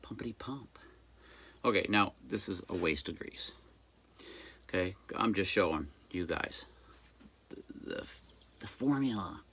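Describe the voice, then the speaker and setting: Low-ish bright voiced repair guy rambling folksy at his workbench, jokes here and there. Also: lively intonation, normal speed, slightly rough. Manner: folksy, rambling, jokey asides. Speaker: small engine repair shop owner. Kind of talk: casual workshop how-to talk. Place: workshop by a busy road.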